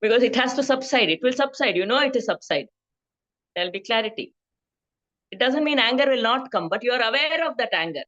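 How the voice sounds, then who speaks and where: A woman's voice: on the high side, animated, fairly quick, a bit bright, muffled recording. A woman leading a scripture study class over a video call, explaining patiently and tagging her points with "no?". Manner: explanatory, tags questions with "no?". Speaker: study group teacher.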